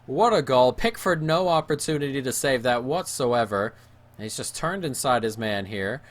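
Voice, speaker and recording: Commentating live on a football video game match he's playing, a gaming YouTuber talks at normal speed. Goals bring excited shouting, while mistakes draw low, gloomy mutters.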